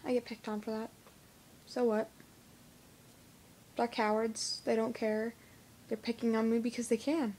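A teenage girl with a lisp, talking to camera in a casual vlog, halting and full of fillers. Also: on the high side, little pitch movement, dark tone, a little hiss or hum. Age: teens. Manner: hesitant, halting with many fillers. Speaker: vlogger. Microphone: phone camera.

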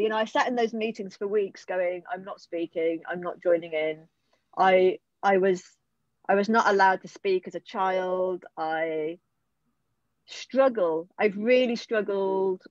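Speaking as a guest over a slightly muffled, dull online call with no echo, a middle-aged woman from the UK tells of her recovery from the heart. Her ordinary-pitched, a little mellow voice falters emotionally, pausing and starting over as she opens up.

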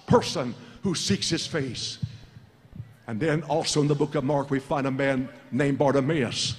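A preacher man delivering a sermon, rising to shouted calls and then dropping low and quiet. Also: unhurried. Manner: preaching with shouted calls and sudden drops in pitch. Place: large church hall. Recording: long church hall reverb.

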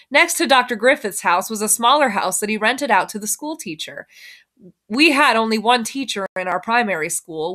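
A woman, a teacher, reading a children's novel aloud with expressive storytelling and lifting her voice for the characters. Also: medium pitch.

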